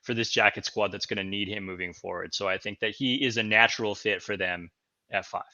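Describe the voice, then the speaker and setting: A man's voice: fairly low pitch, fairly even intonation, brisk, pushed and bright, no echo, highs cut off. A man co-hosting a podcast, breaking down hockey prospects analytically, often hedging with "I think.". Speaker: podcast co-host. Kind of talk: casual hockey draft analysis.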